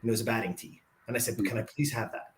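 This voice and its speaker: Animated man telling a story. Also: on the low side, rapid-fire. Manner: animated, acts out quoted dialogue, says "right?" often. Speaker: podcast host. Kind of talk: conversational storytelling.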